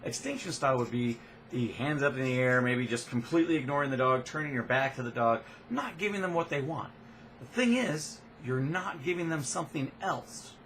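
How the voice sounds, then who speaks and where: A man working as a dog trainer, giving a casual instructional talk in a relaxed, plain way with frequent fillers. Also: mid-range voice, a little fast, a little hiss or hum.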